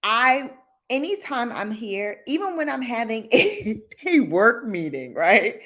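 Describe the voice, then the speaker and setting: A woman telling casual stories on a livestream. Her pitch swings widely as she laughs and acts out the people she quotes. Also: big pitch swings, slow, a bit bright. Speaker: livestream host. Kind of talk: casual storytime chat.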